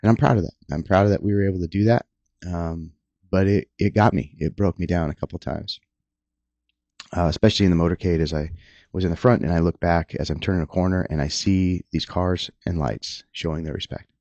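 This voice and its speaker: Deep gravelly-voiced police officer talking candidly. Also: male voice, steady tone, a little mellow, no room sound, lo-fi sound. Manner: earnest, emotional, halting with restarts. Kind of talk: candid personal talk.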